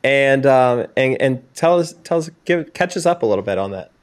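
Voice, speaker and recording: A male host on a video call, his mid-pitched voice rising and falling very expressively. He responds with short encouraging words and asks questions to keep his guest talking. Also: animated, normal speed. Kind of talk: remote video call interview. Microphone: video call microphone.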